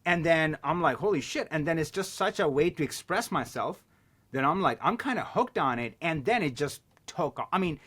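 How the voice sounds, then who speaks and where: Guy on a podcast telling stories all animated, swears a bit, kinda high voice. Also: moderate pace, husky. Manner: animated storyteller who swears casually. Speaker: podcast guest, colorist. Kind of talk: casual chat.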